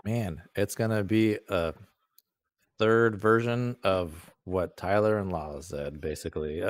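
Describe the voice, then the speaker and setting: A man's voice: lowish voice, animated, slow, no echo, studio quality. A man panelist in a casual film-review chat, laid-back and chuckling between remarks. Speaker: podcast panelist.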